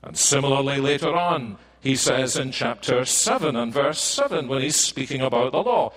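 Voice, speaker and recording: A man with a Scottish accent preaching a sermon in a measured, deliberate way, pausing often and lifting his voice for emphasis. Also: medium pitch, animated, a bit bright, rough recording. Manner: measured, deliberate delivery with pauses.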